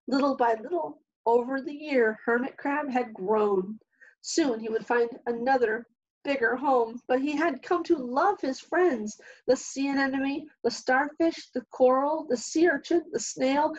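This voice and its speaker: A woman reading a children's picture book aloud as a storyteller, at a calm, even pace. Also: sits high, lo-fi sound.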